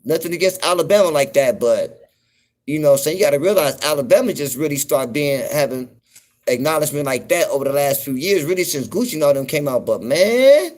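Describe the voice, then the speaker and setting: A man with a fairly high voice rambles in a relaxed, drawn-out way, hosting his own livestream. He keeps tossing in "you know what I'm saying" between thoughts. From US West Coast. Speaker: livestream host. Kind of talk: casual livestream monologue.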